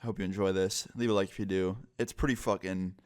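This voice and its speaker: A man's voice: sits low, steady tone, quick pace, a little mellow. A young man vlogger telling a story in a casual, rambling, profane way.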